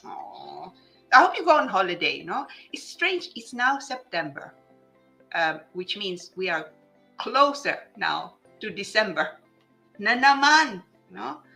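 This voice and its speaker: A woman's voice: mid-range voice, sing-song, slow pace, creaky, sharp tone, faint music behind. A middle-aged woman, hosting a live legal show and chatting as she reads out viewer comments, full of fillers and restarts. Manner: chatty, switches languages mid-sentence, many fillers and restarts. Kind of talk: live-stream chat reading viewer comments.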